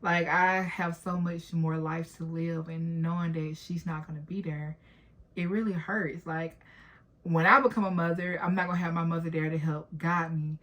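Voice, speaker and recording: A woman's voice: fairly low pitch, fairly even intonation, normal speed, a bit bright. A woman in her late twenties talking candidly and emotionally to her viewers in a personal vlog. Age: late 20s. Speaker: vlogger.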